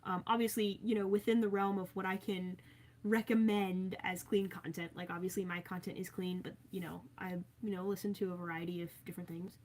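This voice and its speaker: A woman's voice: medium pitch, fairly even intonation, a little fast, a little mellow, slight background noise. A young woman chatting casually on a livestream from her bedroom, reading out viewer comments and rambling with frequent filler words.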